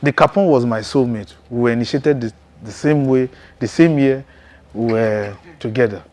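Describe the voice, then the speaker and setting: A man preaching his testimony in a mid-range voice, neither high nor low. He talks with intense emphasis and punctuates his story with frequent chuckles. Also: normal speed, a little mellow. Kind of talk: testimony sermon.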